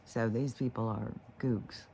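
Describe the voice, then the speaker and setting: A man's voice: medium pitch, fairly even intonation, measured pace, vocal fry, darkish tone, a little hiss or hum. A man talking in a loose, rambling monologue, swearing freely and restarting his sentences as he goes. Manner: rambling, profane, full of fillers and restarts. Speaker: spiritual vlogger.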